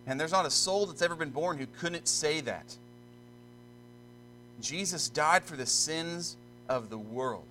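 A man's voice: fairly high pitch, animated, measured pace, long pauses, pushed and bright, slight background noise, rough recording. A male pastor reading scripture solemnly and then preaching earnestly to a church congregation, repeating himself as he presses a point.

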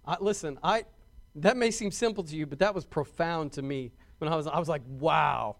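A man's voice: on the high side, brisk. A man preaching a sermon to his congregation in a conversational way, often restarting and repeating words and asking the congregation questions. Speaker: pastor.

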